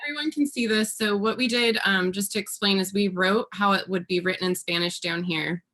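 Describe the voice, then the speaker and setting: A woman's voice: medium pitch, brisk, a bit bright. A young woman hosting a casual interview, friendly and upbeat, with a giggly laugh. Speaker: host.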